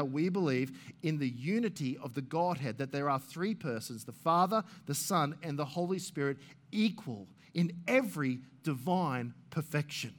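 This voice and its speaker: A man preaching a sermon as pastor, earnestly asking his congregation questions and repeating words as he thinks aloud. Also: on the high side.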